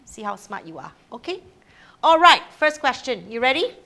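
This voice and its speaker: A woman's voice: fairly high pitch, sing-song, moderate pace, gravelly, bright, forceful tone. A woman hosting a live show in casual chat, playful and joking. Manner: playful, jokey, upbeat. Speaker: host.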